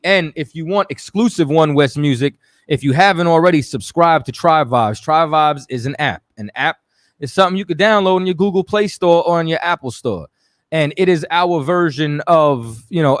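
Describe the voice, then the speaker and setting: A man's voice: a little high, no echo, studio quality. A man from New York hosting a talk radio show, loose and chatty, often checking in with his listeners. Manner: loose, chatty, keeps saying "you know what I'm saying".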